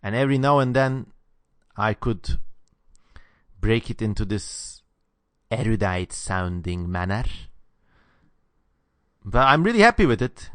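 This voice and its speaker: A man with a Southeastern European accent, whose first language is not English, answers viewer questions in a lively, opinionated way, with sharp, sibilant consonants. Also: on the low side, a little slow, long pauses, dry recording. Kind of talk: casual Q&A monologue.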